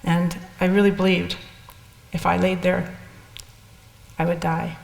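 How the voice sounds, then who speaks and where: Older woman, gravelly voice in an echoey hall. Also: fairly low pitch, little pitch movement, unhurried. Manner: candid, rambling with restarts. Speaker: speaker sharing experiences. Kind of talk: personal storytelling talk. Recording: echoey hall with long reverb.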